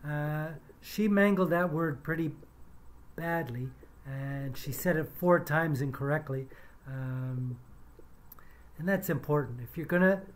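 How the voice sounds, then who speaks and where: Low-voiced woman, slow and deliberate. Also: darkish tone. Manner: measured, deliberate, many hesitant fillers. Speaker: English teacher reviewing pronunciation. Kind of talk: casual spoken commentary.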